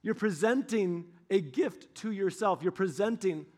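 Middle-aged male pastor, earnest, storytelling sermon, voice a touch high. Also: darkish tone, faint music behind. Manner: earnest, storytelling, reads scripture slowly. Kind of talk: sermon with scripture reading.

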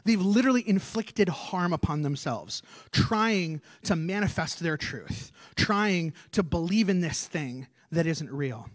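A male pastor preaching a sermon on a church stage, animated and acting out scripture as he tells it. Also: on the high side, measured pace, few pauses, dry recording.

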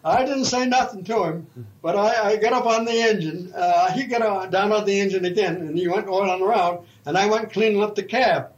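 An older man with a notably high voice recalls the old days in a slow, halting, folksy manner. He speaks as a retired railroad fireman spinning a long yarn for an oral history. The sound is dull and lo-fi, like an old tape recording.

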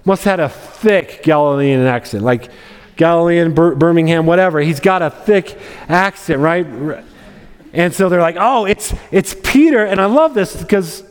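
A man's voice: fairly high pitch, normal speed, smooth. A male pastor preaching an expository sermon in a conversational way, with wry asides. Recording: long hall reverb.

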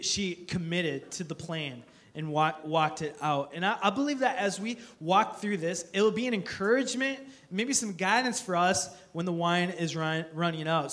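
A man's voice: high-pitched, fairly bright tone. A man preaching a sermon as pastor, earnest and repetitive, often restarting his phrases with small stammers.

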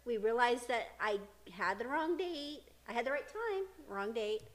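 High-voiced chatty mom podcaster. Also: female voice, lively intonation, a little slow. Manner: chatty storytelling, frequent laughter. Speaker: podcast co-host, mother. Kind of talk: casual chat.

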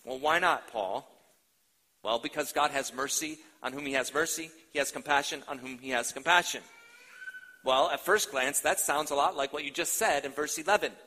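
A man's voice: a little high, a little fast, sharp tone, rough recording. A male pastor preaching a sermon, emphatic and repeating key phrases for weight, addressing the congregation directly.

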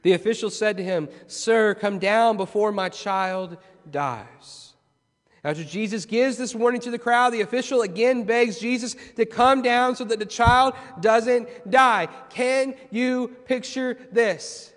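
A man's voice: extremely high pitch, a little slow, big-room sound. A man preaching a sermon as pastor, repeating key phrases with rising intensity in a church. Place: church sanctuary.

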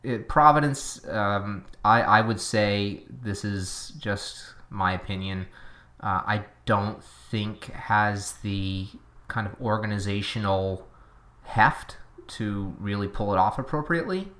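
A man's voice: on the low side, slow pace, fairly bright tone. A man with a Boston accent co-hosting a podcast, chatting casually and opinionatedly, wandering into tangents. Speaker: podcast co-host.

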